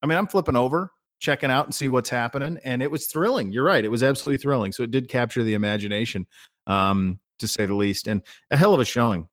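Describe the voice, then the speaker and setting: A man's voice: medium pitch, quick pace, no room sound, studio quality. A middle-aged man co-hosting a podcast in casual chat, a rambling storyteller who often restarts his sentences. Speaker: podcast co-host.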